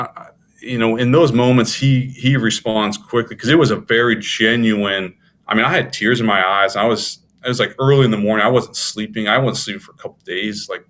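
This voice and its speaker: Middle-aged male guest, lowish register, earnest and halting personal testimony. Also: fairly bright tone. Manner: earnest, halting with frequent restarts. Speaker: podcast guest, former Navy SEAL officer. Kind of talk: candid faith testimony.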